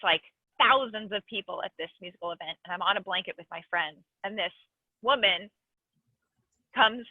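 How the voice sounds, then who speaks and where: A middle-aged woman trainer talking earnestly and expressively on a video call, her voice sitting at an ordinary pitch. The sound is thin and tinny, like a phone line, and completely dry. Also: dry recording. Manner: earnest, expressive storyteller with many fillers. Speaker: park ranger trainer. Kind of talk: online training talk, storytelling and Q&A. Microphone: video call over a phone-like line.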